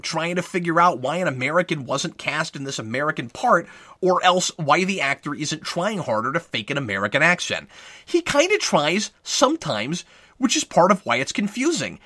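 Wry, lively male movie reviewer. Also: fairly high pitch, dry recording, studio quality. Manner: wry, sarcastic. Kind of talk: scripted review commentary.

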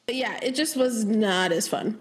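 A woman's voice: a little high, moderate pace. A young American woman hosting a podcast, talking in a rambling, casual way and laughing often. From United States. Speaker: podcast host. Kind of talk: casual chat.

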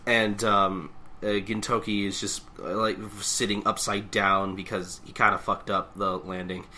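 A man co-hosting a podcast, casually recapping a manga chapter and acting out characters' lines with animated delivery. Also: fairly low pitch, slight background noise. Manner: animated, acts out characters' lines in quick voices. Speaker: podcast co-host.

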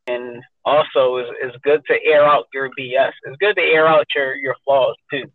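A man's voice: medium pitch, fairly even intonation, moderate pace, few pauses, no room sound. A man co-hosting a podcast, talking loosely and rambling with lots of fillers. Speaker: podcast co-host. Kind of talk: casual podcast chat. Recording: tinny phone-line sound.

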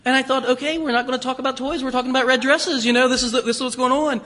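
A man's voice: very high-pitched, fairly even intonation, rapid-fire, bright, forceful tone. A man preaching a storytelling sermon in a church, chatty and hesitant, full of fillers and restarts. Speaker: pastor. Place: church sanctuary. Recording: long reverb of a church hall.

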